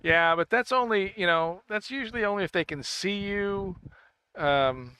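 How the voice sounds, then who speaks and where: A man talks casually to his livestream chat, circling back and restarting his sentences. His voice sits a little high and sounds bright and crisp. The recording is dry and close to the mic. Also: no room sound. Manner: rambling, stammering, self-correcting, quick to laugh. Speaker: gaming streamer.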